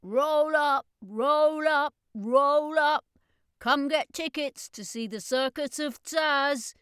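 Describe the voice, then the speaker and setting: A woman voicing a young street urchin boy calling out loudly to sell circus tickets in an audiobook. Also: sits high, takes it slowly, dry recording, clean studio sound, voice pushed up. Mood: eager. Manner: loud hawker's call.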